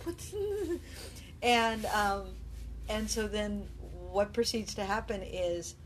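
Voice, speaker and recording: A woman chatting casually about a film, telling it with animated energy and acting out lines, sounding exhausted. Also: medium pitch, takes it slowly, slight background noise. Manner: animated storyteller, acts out dialogue.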